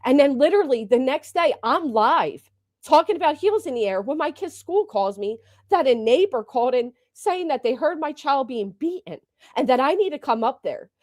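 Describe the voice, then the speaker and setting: A woman's voice: high voice, lively intonation, normal speed, a little mellow, no echo, studio quality. Agitated, profane woman ranting live. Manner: heated, profane, indignant. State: upset and agitated. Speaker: livestream host. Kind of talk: angry livestream rant.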